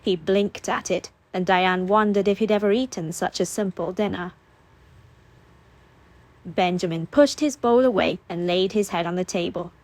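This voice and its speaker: A woman reading a novel aloud as an audiobook narrator, steady and expressive. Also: on the low side, moderate pace, no room sound.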